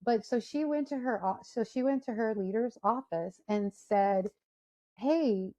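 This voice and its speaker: On a video call, a woman gives a career talk to an online audience, telling a story and acting out its characters with animated voices. Her voice is a little high and her pace normal.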